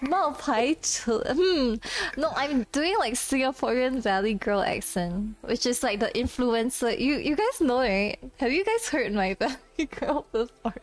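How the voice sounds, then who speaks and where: A woman's voice: high-pitched, expressive, measured pace, few pauses. A young woman streamer chatting casually with viewers, reading out chat, giggling often and a little self-conscious.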